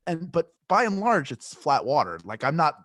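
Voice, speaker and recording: A man's voice: fairly high pitch, big pitch swings, moderate pace, a bit bright, no echo, clean studio sound. Rambling, joking male podcast co-host. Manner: rambling, self-interrupting, joking. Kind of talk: casual chat.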